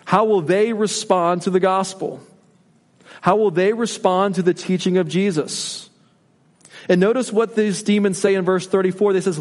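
A man preaching a sermon in a church sanctuary, with a fairly high voice. He presses the congregation with rhetorical questions, dropping low and quiet, then climbing on key words. A long reverb from the hall trails each phrase. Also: fairly even intonation, normal speed. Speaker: pastor.

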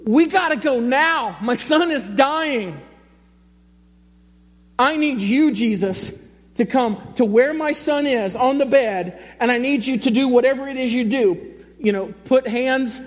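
A frantic grown father pleading in a raised, strained voice, as a preacher acts him out. He rushes his words as he begs. The sound rings with a long reverb, as if it was recorded in a big hall. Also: very high-pitched, pitched above the performer's own voice. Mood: desperate pleading. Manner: urgent, rushed, begging.

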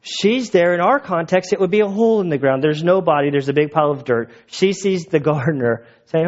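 A man preaching in a relaxed, chatty storytelling manner, his voice sitting a bit higher than usual for a man. He drifts into asides as he retells the passage. The recording is dull and lo-fi. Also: brisk, few pauses. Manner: casual, conversational storytelling with asides. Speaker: pastor. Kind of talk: sermon.

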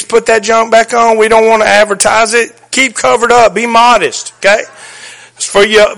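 A man's voice: sits high, pushed and bright. A man preaching a sermon as pastor, folksy and joking, with strong emphasis.

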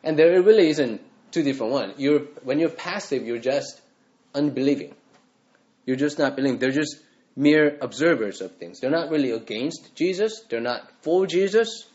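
A man's voice: a little high, lively intonation, normal speed, darkish tone, highs cut off. Earnest male pastor preaching in conversational style. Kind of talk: sermon.

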